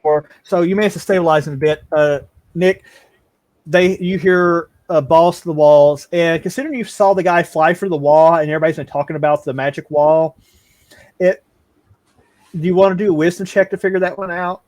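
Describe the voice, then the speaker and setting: Halting man running a tabletop game. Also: on the high side, fairly even intonation, a little mellow, no echo. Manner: halting, repeats words, laughs often. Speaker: game master. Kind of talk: narrating a tabletop game over voice chat.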